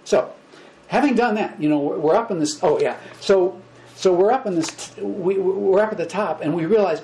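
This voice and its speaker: A man giving an informal spiritual lecture to a small group, speaking gently and repeating words, growing animated when he acts out examples. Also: high voice, normal speed, gravelly, poor audio. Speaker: spiritual teacher.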